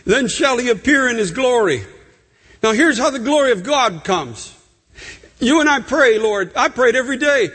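A male preacher giving an impassioned sermon, his voice rising to shouts as he prays. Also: extremely high pitch, husky. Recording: long reverb of a hall.

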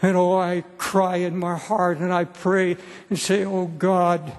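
A man's voice: high voice, completely flat delivery, measured pace. A man in his seventies preaching an earnest sermon to a congregation, repeating phrases for emphasis. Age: 70s. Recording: long hall reverb.

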